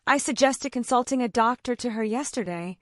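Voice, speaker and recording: A woman's voice: a little high, brisk, no room sound, studio quality, voice pushed up, lightly acted. A woman reading the part of a distressed mother who sobs and moans her complaints. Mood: tearful. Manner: moaning, sobbing complaint. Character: tearful, fretful middle-aged mother.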